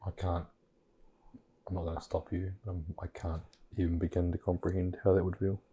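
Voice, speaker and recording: Male host, very dark breathy voice, flat and gentle, hesitant. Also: low voice, fairly quick. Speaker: podcast host. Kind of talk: interview conversation.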